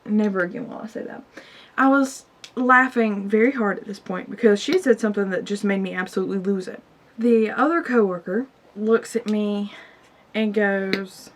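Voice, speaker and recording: A woman's voice: mid-range voice, moderate pace. A young woman in her twenties talking casually to camera in a personal vlog, confiding and emotional. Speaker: vlogger. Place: store aisle, indoors. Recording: faint background music.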